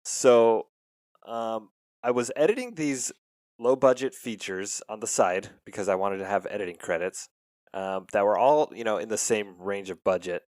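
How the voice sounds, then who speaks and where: A man, a film editor and director, telling stories in a relaxed interview with frequent ums. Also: on the low side, normal speed, no room sound, studio quality. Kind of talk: casual interview talk.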